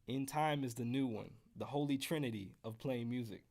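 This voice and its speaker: A man's voice: mid-range voice, moderate pace, darkish tone. An American man teaching trumpet scales on a live stream, casual and joking with the chat. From United States. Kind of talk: live-streamed music lesson.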